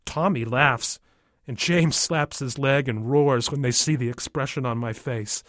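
A man narrates a first-person story in a calm, measured way. His voice is mid-pitched and close to the mic, with a dry sound. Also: no room sound. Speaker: audiobook narrator.

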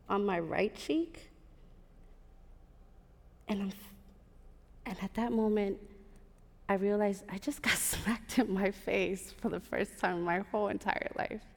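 A woman's voice: medium pitch, a little slow, creaky, pauses often. Sassy Puerto Rican-born woman telling a story on stage. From Puerto Rico. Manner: animated, sassy asides to the audience. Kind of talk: live storytelling performance. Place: large theater stage. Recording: live theater with long reverb.

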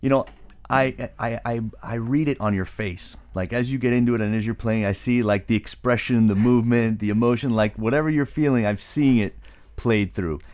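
A man's voice: mid-range voice, normal speed, darkish tone. Enthusiastic man hosting an interview. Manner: enthusiastic, lots of fillers like "like" and "you know". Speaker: interviewer host. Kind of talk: conversational interview.

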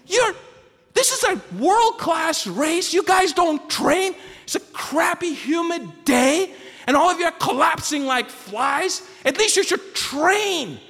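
Brief: exasperated brusque woman nurse, high and bright, played by a man. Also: animated, slow, vocal fry, big-room sound, full character voice. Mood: scolding. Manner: exasperated, scolding. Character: brusque scolding female nurse.

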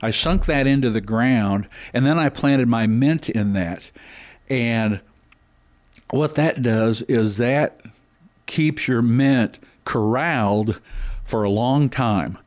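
A man's voice: mid-range voice, takes it slowly. A middle-aged man hosting a gardening talk, folksy and rambling with lots of fillers and restarts. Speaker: gardening show host.

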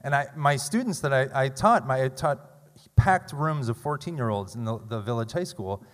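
A man in his thirties telling a funny, self-deprecating story live on stage at a story slam, with loud bursts. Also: mid-range voice, expressive, moderate pace. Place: large theater stage. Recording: long hall reverb.

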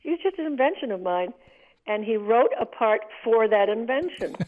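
An older woman, an actress, telling stories in an interview, animated and laughing often. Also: on the high side, normal speed. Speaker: guest, actress. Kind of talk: interview on a call. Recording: tinny phone line.

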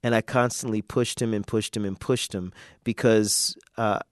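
A man's voice: lowish voice, fairly even intonation, normal speed, smooth, no room sound, studio quality. A man speaking in a casual interview, loose and hesitant, with many fillers and restarts. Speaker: poet and interview guest. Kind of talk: casual interview talk and poetry performance.

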